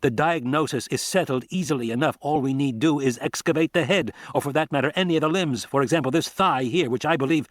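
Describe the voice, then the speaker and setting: A man's voice: on the high side, fast talker, few pauses, dry recording, studio quality, pitched above the performer's own voice, lightly acted. A man reading an audiobook, voicing a cold, stubborn male scientist who talks in a clipped, exasperated way.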